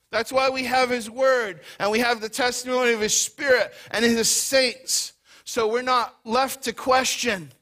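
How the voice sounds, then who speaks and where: A male pastor preaching a conversational sermon to a church congregation, talking energetically in quick bursts. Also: very high-pitched, bright, forceful tone. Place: church hall before a congregation.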